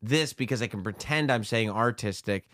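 A man co-hosting a podcast in casual chat, playful and teasing, quick to laugh. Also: on the low side, a bit bright, no echo, studio quality. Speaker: podcast co-host.

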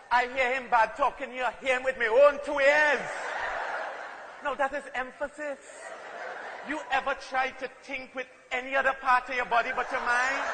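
A man from Trinidad with a Trinidadian accent, performing a playful comic monologue with strong emphasis and acted-out voices. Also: very high voice. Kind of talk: comic spoken-word performance. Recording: long hall reverb, faint noise.

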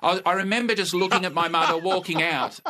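A middle-aged Australian comedian telling stories in a podcast interview, with a laconic, dry and wry delivery. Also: male voice, sits high, fairly even intonation, fast, background noise. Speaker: comedian guest. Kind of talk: casual storytelling interview.

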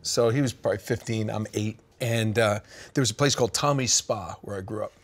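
A middle-aged man co-hosting a casual video game chat, telling an animated story and acting out the people in it. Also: lowish voice, fairly quick. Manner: animated storyteller who acts out the people in his stories. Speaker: co-host.

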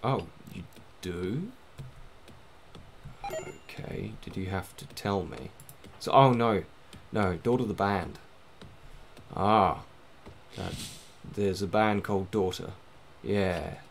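A man's voice: low-pitched, expressive, slow, gravelly, a little hiss or hum. A man giving casual, rambling, self-mocking commentary while playing a game, swearing now and then. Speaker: gaming let's-play host.

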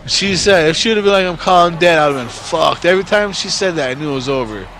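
A man's voice: on the high side, expressive, fast, fairly bright tone. A man in his forties from New York State telling a story casually, rambling and swearing constantly. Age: 40s.

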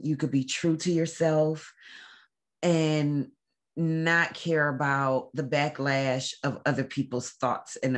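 Woman hosting a faith talk, earnest and halting, lots of ums, trying not to cry. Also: deep voice. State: holding back tears. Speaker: show host. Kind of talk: faith-based personal talk to camera.

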